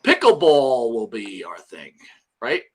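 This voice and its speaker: A man's voice: medium pitch, wildly swooping pitch, takes it slowly. Older male co-host, loose and profane, reads names from chat. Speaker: podcast co-host. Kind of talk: casual live-stream chat.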